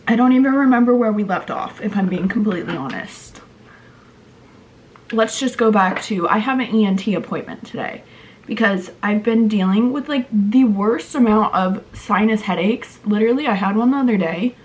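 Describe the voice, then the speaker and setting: A woman's voice: mid-range voice, normal speed, slight background noise. A woman in her twenties chatting casually to her camera in a vlog, rambling with lots of "like" and restarts while her throat is sore and her voice sounds off. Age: 20s. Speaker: vlogger. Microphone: handheld compact camera.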